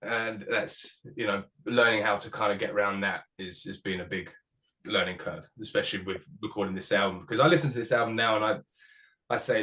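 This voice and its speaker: A musician being interviewed, talking casually with many restarts and the odd swear word. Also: male voice, lowish voice, steady tone, a little fast, bright, forceful tone. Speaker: musician guest.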